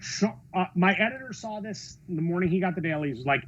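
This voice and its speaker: A film director, a man, telling stories in a podcast interview, expressive, acting out quotes and swearing freely. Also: high-pitched, fast talker, hardly any pauses, lo-fi sound, slight background noise. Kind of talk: animated storytelling in a podcast interview.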